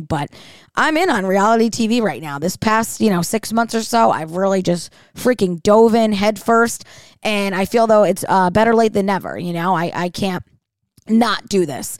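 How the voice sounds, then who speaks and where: A woman's voice: medium pitch, dry recording, studio quality. A woman hosting a podcast, talking in a chatty, rambling way full of fillers. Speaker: podcast host. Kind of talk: casual solo chat.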